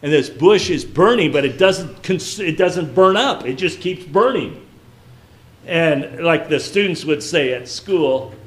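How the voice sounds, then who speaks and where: Speaking slowly in a slightly high voice, a man leads a casual Bible lesson. This Bible teacher keeps it conversational, putting questions to his listeners and often restarting his sentences.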